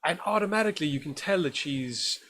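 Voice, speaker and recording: A man's voice: fairly high pitch, expressive, a little fast, fairly bright tone. A man co-hosting a horror film podcast, reviewing a new film in casual, enthusiastic, rambling chat. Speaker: podcast co-host.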